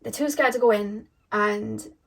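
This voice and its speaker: A woman's voice: mid-range voice, measured pace. A woman tarot reader telling a spiritual story to camera in a rambling, emphatic way. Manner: rambling, emphatic, lots of fillers and restarts.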